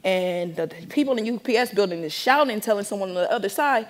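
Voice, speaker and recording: Young woman from the bay area telling her story on stage, mid pitch, lively, does the voices of people in it. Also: fast. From San Francisco Bay Area. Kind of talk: personal storytelling talk to an audience.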